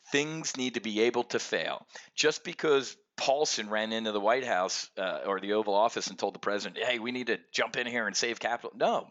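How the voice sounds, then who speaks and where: A middle-aged man hosting an options trading show, giving a brash, energetic market commentary rant and calling out to the folks watching. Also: medium pitch, highs cut off. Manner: brash and animated, keeps addressing folks.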